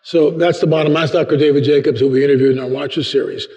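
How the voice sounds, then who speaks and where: A man giving a humorous church talk as a guest speaker, acting out quotes with big jumps in his voice. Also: fast talker. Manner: animated, acts out quotes with big pitch jumps. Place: large church hall. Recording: long hall reverb, dull sound.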